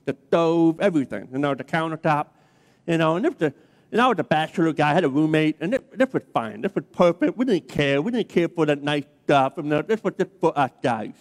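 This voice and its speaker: A high-pitched man preaching a sermon, his voice ringing out with a long reverb in a big church sanctuary. He chats through a story, keeps checking in with the crowd with "okay?", then leans into emphatic preaching. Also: lively intonation, a little fast. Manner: chatty storytelling, checks in with "okay?" and "all right?". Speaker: pastor. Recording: long reverb of a large hall.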